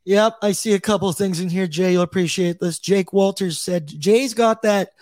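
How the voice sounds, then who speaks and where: A man hosts a casual hockey talk show with a bright, high voice. He keeps things upbeat, reading out viewers' chat comments and passing the floor to his co-hosts. His voice sounds dry and close to the mic. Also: normal speed, no echo. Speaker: podcast host.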